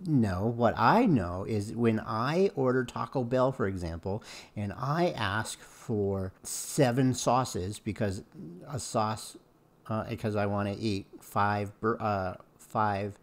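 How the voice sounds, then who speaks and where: A man with a lowish voice talks slowly while co-hosting a commentary stream. In this critical commentary chat, he is blunt and sarcastic as he scolds the person being discussed.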